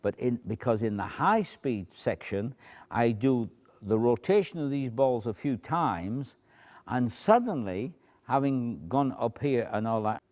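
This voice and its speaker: A man's voice: medium pitch, lively intonation, unhurried, a little mellow. Chatty man explaining a trick. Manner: chatty, explanatory, shifts into asides and acted quotes. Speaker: magician teaching a routine. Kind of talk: demonstration tutorial.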